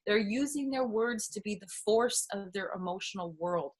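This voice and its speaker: Middle-aged woman, parenting expert, mid-range voice, thoughtful and gently laughing, conversational interview. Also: mid-range voice, normal speed. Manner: thoughtful, explains with gentle examples and soft laughs.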